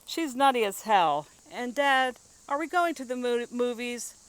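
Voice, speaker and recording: A woman's voice: a little high, animated, a little slow, clear, resonant tone, no room sound, voice pushed up, low-quality recording. A woman voicing a worried young boy who pleads with his father in eager, rising questions. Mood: worried pleading.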